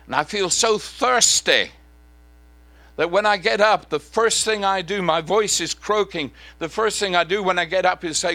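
A man preaching a sermon, shifting between loud proclamation and quiet, chatty asides to the congregation. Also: fairly high pitch, unhurried, dry recording.

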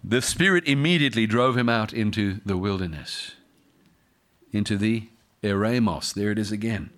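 A pastor reading scripture aloud during a sermon, breaking off often to comment and joke with the congregation. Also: male voice, fairly low pitch, moderate pace, fairly bright tone.

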